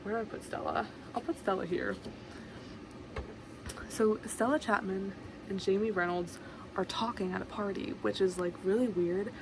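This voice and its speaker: A woman's voice: mid-range voice, fairly even intonation, normal speed, long pauses. A young woman casually summarizing a book at home, rambling with lots of fillers and side comments. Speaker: book vlogger. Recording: noisy room with a fan running.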